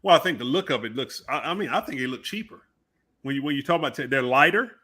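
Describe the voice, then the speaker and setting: A man's voice: mid-range voice, animated, quick pace, pushed and bright, breathy edge. A man co-hosting a basketball podcast, arguing his point insistently in casual chat. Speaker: podcast co-host.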